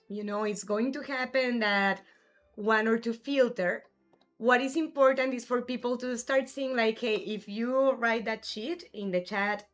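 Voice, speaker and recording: A woman live-streams a game and chats casually, answering messages from her viewers in an easygoing way. Her pitch sits in a middling range, and a bit of game music plays softly behind her. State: has the hiccups. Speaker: livestream gamer host.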